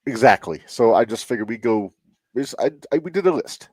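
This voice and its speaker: A man's voice: mid-range voice, lively intonation, fairly quick, slightly rough, no echo, studio quality. A man co-hosting a casual wrestling podcast, joking and chatting loosely as he runs through the segments. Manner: joking, talks to himself while working. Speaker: podcast co-host.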